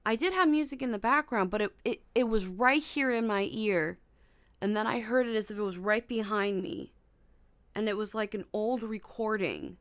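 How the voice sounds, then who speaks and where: A young woman hosting a casual livestream from her bedroom at night, startled, sometimes hushed and humming melodies high. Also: moderate pace, dry recording. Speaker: livestream host.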